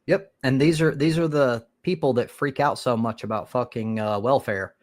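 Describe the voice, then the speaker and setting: A man's voice: mid-range voice, moderate pace. A man from the United States hosting a live stream, chatting crudely and rambling with restarts. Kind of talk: casual crude chat.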